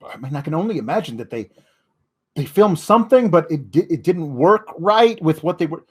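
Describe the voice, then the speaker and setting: A man's voice: on the high side, animated, a little fast, darkish tone, slightly rough. A man hosting a wrestling podcast, ranting in exasperation with frequent swearing. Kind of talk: podcast rant.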